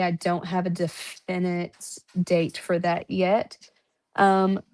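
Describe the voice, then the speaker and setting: A woman's voice: lowish voice, a little mellow. A woman, a wrestling promoter chatting casually on a podcast, listing shows with lots of fillers and frequent laughs.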